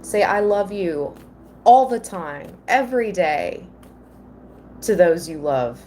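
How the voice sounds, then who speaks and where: A woman giving a live tarot reading, slow and earnest, at times emotional. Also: fairly low pitch, lively intonation, warm tone, slight background noise. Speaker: tarot reader.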